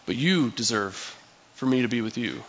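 A preacher voicing a calm, gentle Jesus. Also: male voice, mid-range voice, normal speed, dull audio, pitched below the performer's own voice.

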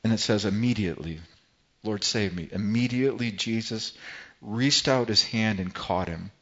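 A man preaching a sermon in an earnest voice, repeating words and phrases as he builds and softens his delivery. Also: lowish voice, moderate pace, dull audio. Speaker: pastor.

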